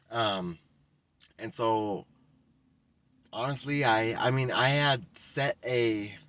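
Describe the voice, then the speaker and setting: A man's voice: lowish voice, a bit bright. Young man telling a casual story. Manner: casual and profane, with many likes. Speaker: hairstylist vlogger.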